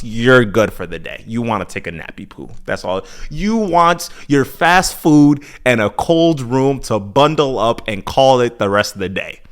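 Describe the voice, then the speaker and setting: A man's voice: medium pitch, a bit bright. A man in his twenties with an American accent, hosting a podcast and rambling casually about running and daily habits, loose and chatty with sighs and self-corrections. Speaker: podcast host.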